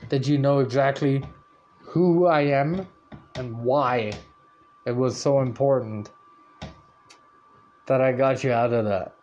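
A man hosting a podcast, telling a story in a loud, profane, animated rant and acting out what people said. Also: medium pitch, slow pace, long pauses, highs cut off, slight background noise. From Canada. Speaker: podcast host.

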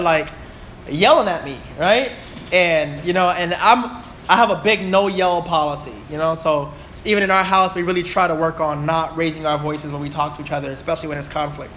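A man's voice: a little high, a little fast, a bit bright, slight background noise. A man in his twenties teaching a Bible class, chatty and full of stories, often asking "right?" and "you know?". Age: 20s.

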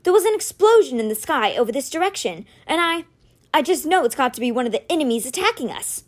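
Woman doing a scared teenage boy, nervous, trying hard to sound calm, highish voice. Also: fast talker. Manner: tense, straining to stay calm. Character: frightened teenage boy priest, defensive.

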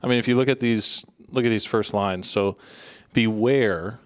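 A man who is a priest, talking in a measured, self-deprecating way on a casual podcast. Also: mid-range voice, fairly even intonation, clear, resonant tone.

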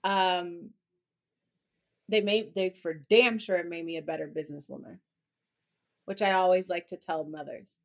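A woman speaking as an interview guest, outspoken and expressive, with casual swearing. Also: on the low side, measured pace, long pauses. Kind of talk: candid conversational interview.

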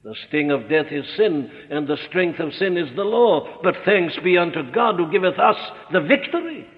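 A man preaching an expository sermon, earnest and emphatic, slowing down to stress his points. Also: on the high side, animated. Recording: echoey hall on a tinny narrow-band recording.

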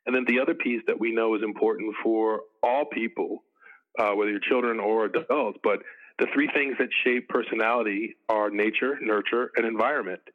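A middle-aged man talking earnestly in a casual podcast conversation, making his points in measured lists. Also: on the low side, steady tone. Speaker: podcast guest. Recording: phone-like tinny line.

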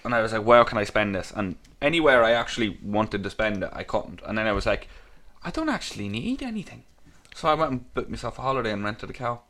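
A man's voice: fairly low pitch, quick pace, hardly any pauses, fairly bright tone. A man co-hosting a podcast, telling rambling, sweary stories in casual chat. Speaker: podcast co-host.

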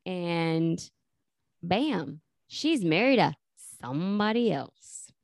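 Animated woman recapping a sitcom. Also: fairly low pitch, takes it slowly, no room sound. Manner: animated, acts out characters' lines. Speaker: podcast co-host. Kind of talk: casual chat recapping a sitcom episode.

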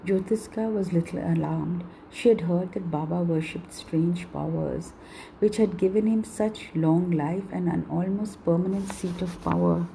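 A woman with a husky voice reads a novel aloud in a steady, measured way. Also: on the low side, slight background noise, rough recording. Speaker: narrator. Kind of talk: storybook reading.

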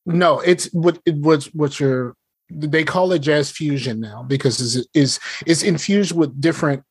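A man with a husky voice chatting casually on a podcast. He stumbles and restarts his sentences, repeating words as he goes. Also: fairly high pitch, measured pace. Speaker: podcast co-host. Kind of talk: casual chat.

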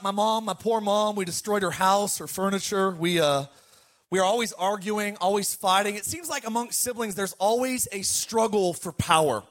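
High-voiced animated male pastor preaching. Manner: animated storytelling, calls to the congregation. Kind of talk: sermon.

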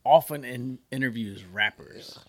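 A man's voice: medium pitch, unhurried, husky. A man co-hosting a casual podcast, rambling easily through stories over beer. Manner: relaxed, rambling storyteller. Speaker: podcast co-host.

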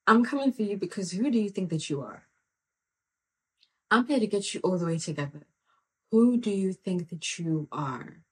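A woman hosting a podcast, giving a spirited motivational monologue in a preachy, emphatic way, repeating phrases for emphasis and breaking into excited outbursts. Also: medium pitch, normal speed, pauses often. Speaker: podcast host.

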